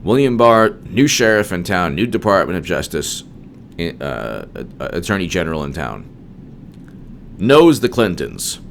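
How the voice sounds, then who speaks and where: A man's voice: deep voice, big pitch swings, a little slow, vocal fry, a little hiss or hum. A man hosting a solo political commentary monologue, emphatic and digressive, with frequent restarts.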